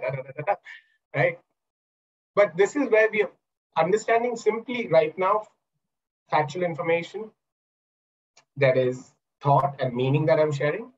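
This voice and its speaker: An animated man with a fairly high pitch, an NLP coach and trainer, speaks at a moderate pace during a webinar held over video call. He makes his points through questions and acted-out examples, captured on a muffled recording.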